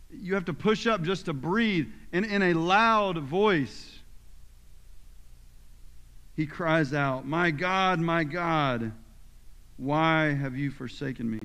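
A man's voice: on the high side, fairly bright tone. Man preaching in a reverberant church. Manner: emphatic, dramatic scripture reading. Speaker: pastor. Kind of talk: sermon. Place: church sanctuary. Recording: long reverb of a church hall.

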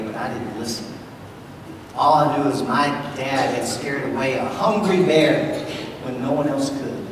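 Man storyteller, slightly high voice, heard far off in a ringing church hall with hiss behind. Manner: speaks directly to the children, building suspense. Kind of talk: first-person dramatic monologue for children. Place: large church sanctuary. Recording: echoey church hall, distant mic, background noise.

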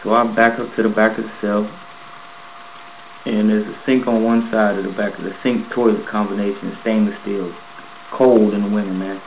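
A man casually telling a personal story to his viewers, animated and profane, acting out the scenes as he goes. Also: fairly low pitch, moderate pace, a little hiss or hum, poor audio. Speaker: vlogger telling a prison story.

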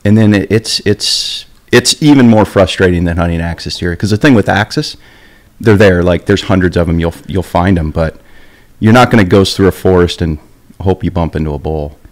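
A middle-aged man in a casual podcast conversation, an animated storyteller who talks in a loose, chatty way. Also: low voice, normal speed. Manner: animated storyteller, lots of "like" and "dude". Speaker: guest, veteran bowhunter.

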